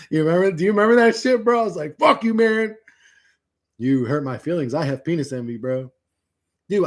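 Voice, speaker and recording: A man's voice: medium pitch, darkish tone. Profane rambling male streamer. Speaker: livestream host. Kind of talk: casual chat reading viewer comments.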